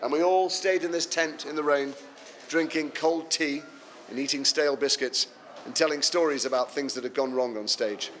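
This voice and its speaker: An English man, an actor answering fan questions at a convention panel, telling animated, self-deprecating stories. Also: a little high, moderate pace. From England. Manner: animated anecdotal storytelling, self-deprecating humour.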